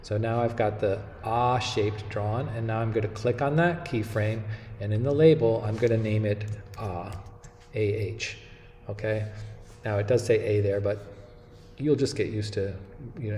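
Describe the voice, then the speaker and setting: Guy doing a software tutorial, low mellow voice, keeps saying okay, echoey room. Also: normal speed, slight background noise. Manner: relaxed step-by-step explaining with frequent "okay?" checks. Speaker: animation instructor. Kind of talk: screen-recorded software tutorial.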